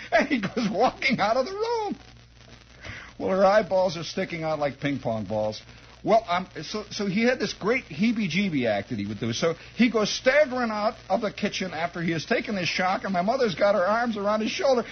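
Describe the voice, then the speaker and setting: A male radio host telling a rambling comic childhood story in an animated, chuckling, conversational way, on a dull lo-fi 1960s radio recording. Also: high voice, a little fast, a little hiss or hum.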